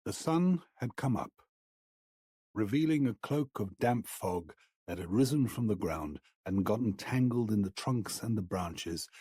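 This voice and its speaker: Deep-ish husky guy reading a horror audiobook, slow and grave, dry close mic. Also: expressive, mellow, no echo. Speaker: audiobook narrator. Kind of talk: scripted horror audiobook narration.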